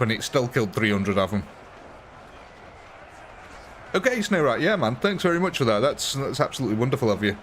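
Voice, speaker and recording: A man talks through a battle game on a live stream, chatty and amused. His voice sits at an ordinary middle pitch, with faint ambience behind him. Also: a bit bright, a little hiss or hum. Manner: chatty, amused, thanks viewers and answers chat. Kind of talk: live gameplay commentary.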